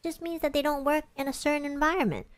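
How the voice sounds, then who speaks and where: A woman's voice: high-pitched, steady tone, quick pace, no room sound. Emotional, rambling woman streamer. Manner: rambling, heavy use of "like", swears freely; emotional, voice cracking at times. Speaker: livestreamer. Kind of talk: casual stream chat.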